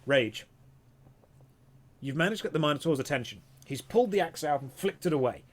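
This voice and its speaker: A man narrating a tabletop game as dungeon master, in a measured storytelling manner. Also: a little high, lively intonation.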